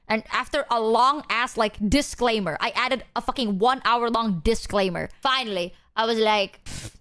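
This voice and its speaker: A young woman streaming and chatting openly to her audience, her voice sitting high and bright. She talks in loose, rambling runs with big upward swings. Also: moderate pace, smooth. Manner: animated, swinging pitch, candid and rambling. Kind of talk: casual chat to stream viewers.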